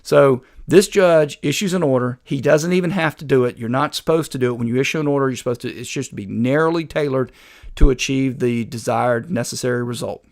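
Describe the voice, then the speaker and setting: A man's voice: medium pitch, fairly quick, gravelly. A man hosting a political commentary show, talking in a sarcastic, combative way. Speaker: host.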